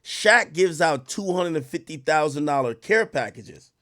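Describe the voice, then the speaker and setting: A man doing casual live-stream commentary, reacting to clips and reading out donations, with loud animated outbursts. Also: on the high side, unhurried. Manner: animated, loud bursts of laughter and shouting, reads donations.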